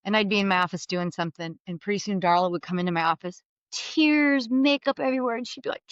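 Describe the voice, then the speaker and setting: A middle-aged woman as a podcast guest, telling candid, animated stories and acting out the voices she quotes. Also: mid-range voice, fast, smooth, no echo. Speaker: guest, mortgage business leader. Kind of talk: candid storytelling interview. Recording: slightly dull studio sound.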